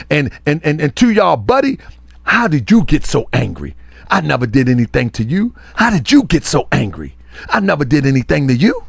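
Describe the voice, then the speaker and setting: A man's voice: on the high side, vocal fry, slightly rough, no room sound. A man, a religious teacher and show host, delivering a heated, confrontational online rant full of scolding repetition.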